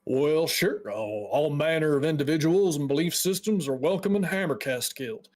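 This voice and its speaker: A man voicing a polite, busy dwarf from a mage guild, speaking in a courteous, slightly hurried way. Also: a little high, darkish tone, close to an everyday voice.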